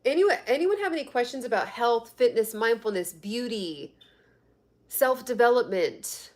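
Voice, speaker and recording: A woman runs a casual live stream about health and fitness. She reads viewer comments aloud and laughs often between them. Her voice sits a bit high. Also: expressive, moderate pace, darkish tone.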